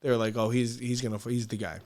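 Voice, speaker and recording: A man as a podcast guest, telling stories casually; animated, swearing freely, laughing often and restarting his sentences. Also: medium pitch, quick pace. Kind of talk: casual storytelling.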